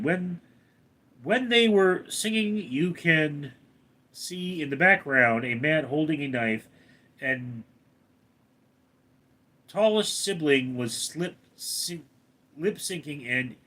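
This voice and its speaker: A man chats with his live-stream viewers, reading their names and comments one by one. His voice sits a little high and he takes his time, answering in short, easygoing replies. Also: sharp tone. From Los Angeles, California. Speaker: livestream host reading chat. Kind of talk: casual live-stream chat.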